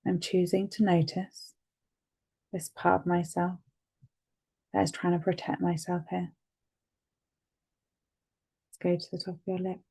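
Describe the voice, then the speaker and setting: A woman guiding a tapping session, speaking calmly and gently and repeating phrases for the listener to say back. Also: fairly low pitch, a little slow, vocal fry, pauses often, breathy edge. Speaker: EFT tapping guide.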